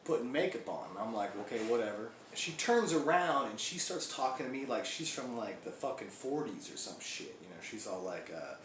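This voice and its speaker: A man's voice: mid-range voice, expressive, normal speed, hardly any pauses, fairly bright tone, close to an everyday voice. An actor playing a crude, foul-mouthed male biker gang member who rambles through a comic monologue in an echoey room. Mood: crude ranting. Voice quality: profane, rambling storyteller. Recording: echoey room, faint background hiss.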